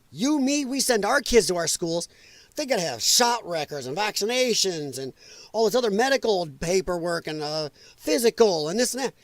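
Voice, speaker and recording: A man's voice: sits high, dry recording. A man hosting a live show, ranting in a blunt, heated, profane way. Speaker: livestream show host.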